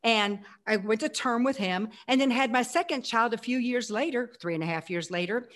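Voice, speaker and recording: A woman in her sixties telling her life story as an interview guest, animated and acting out her past self. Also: fairly high pitch, normal speed. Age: 60s.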